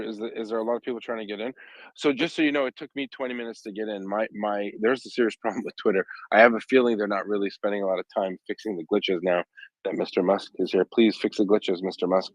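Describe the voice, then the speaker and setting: A man with a fairly low voice chats and jokes in a casual online talk, often stopping to restart his sentences. His sound is dry and close. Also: steady tone, fast, dry recording, dull audio. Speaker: panel regular asking questions.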